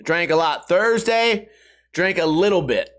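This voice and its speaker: A middle-aged man rambles through a casual solo podcast story, swearing freely and joking as he goes. His voice sits a little higher than most men's. He slips into other people's voices for the quotes. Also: animated, a little slow, fairly bright tone. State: hungover and stiff. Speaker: podcast host.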